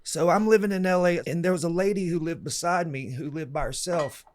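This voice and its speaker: A man's voice: fairly high pitch, a little fast. A man from the States, telling anecdotes in a casual podcast chat and acting out the people in them. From Southern United States. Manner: lively storyteller who acts out the people in his anecdotes. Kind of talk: casual bar-talk storytelling.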